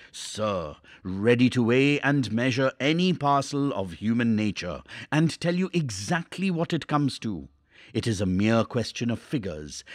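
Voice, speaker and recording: A man reading a classic novel aloud for a class, measured and expressive. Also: medium pitch, no room sound, studio quality. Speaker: teacher.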